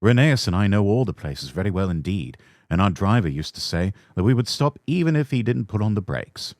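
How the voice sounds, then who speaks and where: A man with an English accent giving a calm, soothing ASMR storybook reading. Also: lowish voice, brisk, dry recording, clean studio sound.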